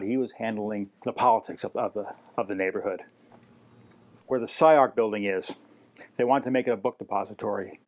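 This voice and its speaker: Man telling lively neighborhood stories. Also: mid-range voice. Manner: animated anecdotes, mimics shouting characters. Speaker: interviewee. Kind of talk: storytelling interview.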